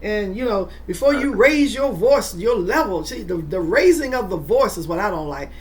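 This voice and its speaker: A woman, hosting a podcast in casual, animated chat and acting out voices. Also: mid-range voice, moderate pace. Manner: animated, exclaims and acts out voices. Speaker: podcast host.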